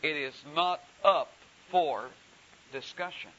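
A man preaching a sermon, telling a story slowly and deliberately with frequent pauses. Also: on the high side, fairly bright tone. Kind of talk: sermon with anecdote. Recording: dull hissy recording.

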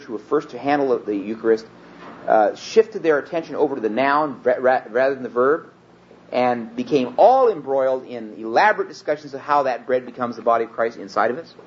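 Emphatic man teaching a Bible lesson. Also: mid-range voice. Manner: earnest, emphatic, slows and rises on quoted scripture. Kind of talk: teaching sermon. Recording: dull lo-fi recording with faint hiss.

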